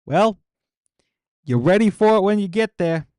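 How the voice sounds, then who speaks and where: A man commentating a live gaming stream, his pitch bouncing all over as he reacts with excited disbelief. He teases his viewers and rambles, tripping over restarts. The sound is close and dry, with no room around it. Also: unhurried, clear, resonant tone, no room sound. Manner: excitable, incredulous teasing of viewers; rambling with restarts when stressed. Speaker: streamer reviewing viewer accounts.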